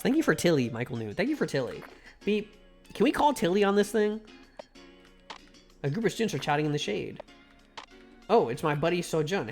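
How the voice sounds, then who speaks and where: A man with a fairly high voice streams a game, joking irreverently with his chat. Faint music plays behind him. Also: very animated, fairly quick, long pauses. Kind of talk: casual live-stream commentary while reading a game aloud.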